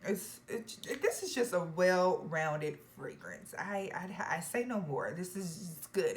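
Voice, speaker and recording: A young woman talks straight to camera about fragrances in an emphatic, playful way. Her voice sits a little low for a woman, and she now and then drops into hushed, whispered asides. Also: animated, unhurried, hardly any pauses. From Georgia, US. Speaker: fragrance reviewer. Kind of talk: casual chat to camera.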